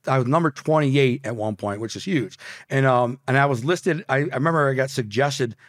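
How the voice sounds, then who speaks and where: A man's voice: mid-range voice, brisk, no room sound. Man telling his story, dry sound. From Detroit, USA. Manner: emotional, vivid storyteller using slang like dude and bro. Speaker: podcast guest, author. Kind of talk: casual storytelling in an interview.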